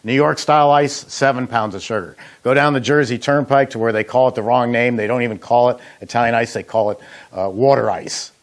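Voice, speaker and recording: A man's voice: mid-range voice, steady tone, a little fast. A middle-aged man casually demonstrating frozen dessert recipes in a kitchen, telling folksy anecdotes with plenty of fillers. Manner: folksy storyteller, chatty with frequent uh fillers. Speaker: ice cream machine company head demonstrating recipes.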